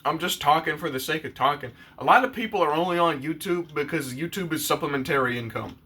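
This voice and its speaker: A man's voice: a little high, quick pace, sharp tone, husky. A man talking to camera in a casual, blunt and profane rant on his own channel. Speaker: YouTuber.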